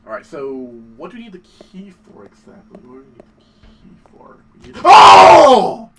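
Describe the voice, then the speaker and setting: Young male let's-player, excitable and profane, a bit off mic over clear background noise. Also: medium pitch, fairly quick, far from the mic. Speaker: gaming channel host. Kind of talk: let's play commentary.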